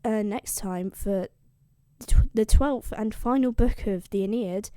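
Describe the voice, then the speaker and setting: A woman's voice: medium pitch, a little slow, warm tone, no echo, clean studio sound. A young woman retelling a classic epic in a slangy, jokey, offhand way. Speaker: classics explainer. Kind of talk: casual comedic retelling of a classic.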